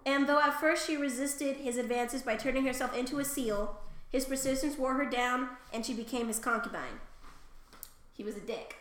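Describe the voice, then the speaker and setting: A woman's voice: fairly high pitch, fairly bright tone. A young woman co-hosting a podcast, retelling a myth in a rambling, profane, giggly way, recorded in a very echoey room. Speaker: podcast co-host. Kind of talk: crude comic retelling of a myth.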